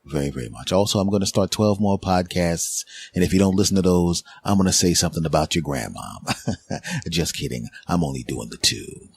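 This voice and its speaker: Joking man, low and dry. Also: lively intonation, fairly quick, slightly rough, no room sound. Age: 40s. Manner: joking, rambling, self-mocking. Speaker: podcast host. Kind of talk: comedic monologue.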